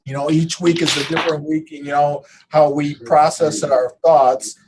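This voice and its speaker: A man's voice: a little high, flat delivery, normal speed, background noise. A man from the Detroit area, taking part in an online group call, talks in a friendly, polite and rambling way as he shows his projects. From Detroit area, United States. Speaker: participant showing his projects. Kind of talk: casual group video call.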